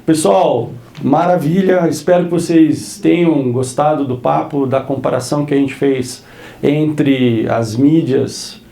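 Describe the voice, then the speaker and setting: A man with a Brazilian Portuguese accent hosting an interview, his English halting and his Portuguese quick. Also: on the high side, gravelly, warm tone, roomy sound. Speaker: interview host. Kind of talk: casual interview chat.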